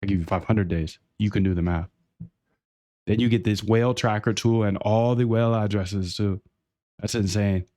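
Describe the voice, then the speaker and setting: A man with a fairly low voice talks straight into a close mic with no room sound. He runs a live-stream sales pitch with nonstop hype and calls the viewer dude and bro. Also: darkish tone, no room sound. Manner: pushy and hyped, keeps saying dude and bro. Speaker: trading channel host.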